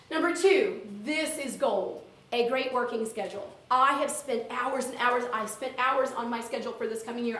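A woman teacher leading a training workshop in an animated, playful way, laughing often and acting out stern classroom lines. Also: on the high side, slight background noise. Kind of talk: lively teacher training talk. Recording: echoey room, voice from far off.

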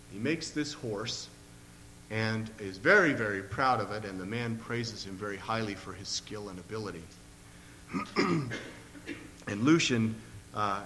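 Bright-voiced preacher in an echoing hall. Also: male voice, mid-range voice, slight background noise. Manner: earnest, measured, clears throat often. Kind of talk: sermon with story retelling.

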